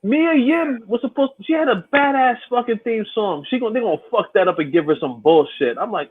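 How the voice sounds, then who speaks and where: A man's voice: very high voice, animated, a little fast, hardly any pauses, slightly rough. A man co-hosting a casual podcast by remote call, ranting and swearing freely. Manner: profane, ranting. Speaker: podcast co-host. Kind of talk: casual chat. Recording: tinny phone-like line, dry.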